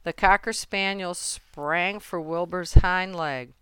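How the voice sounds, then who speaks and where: Woman narrator, children's book read-aloud, low voice, slow measured pace, very clear, dry close sound. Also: no echo. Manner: gentle, measured storytelling. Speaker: storybook narrator.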